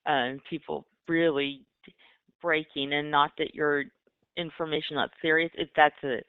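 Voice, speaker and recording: A man on a call, reassuring and restating the problem back, with steady "yeah"s. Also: a little high, measured pace, clear, resonant tone, dry recording. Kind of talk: supportive phone conversation. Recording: tinny dry phone line.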